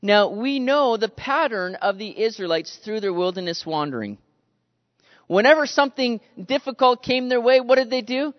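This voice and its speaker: A man preaching a sermon in an animated way, acting out the voices he quotes. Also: extremely high pitch, normal speed. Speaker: pastor. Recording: dull lo-fi sound with long reverb.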